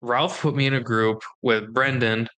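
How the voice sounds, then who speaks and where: A young man with a bright, forceful voice, chatting casually on a podcast. He tells stories with animation and slips into the voices of the people he quotes. His voice sits at an ordinary pitch for a man. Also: normal speed. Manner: animated storyteller acting out quoted dialogue. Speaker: podcast co-host. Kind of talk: casual chat.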